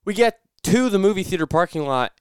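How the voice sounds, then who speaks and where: A young man chats on his own podcast in a loose, rambling way, doubling back to correct himself as he goes. His voice is remarkably smooth and clean. The sound is dry and close, with no room around it. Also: sits high, animated, a little fast, no room sound. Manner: rambling, self-correcting storyteller. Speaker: podcast host. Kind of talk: casual solo podcast chat.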